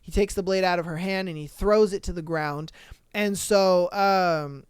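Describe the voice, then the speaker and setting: Podcast host, loose slangy recap full of curses and fillers, smooth clear voice, dry close mic. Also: medium pitch, steady tone, unhurried, dry recording. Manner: rambling, slangy, cursing freely; frequent fillers and self-corrections. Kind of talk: casual story recap.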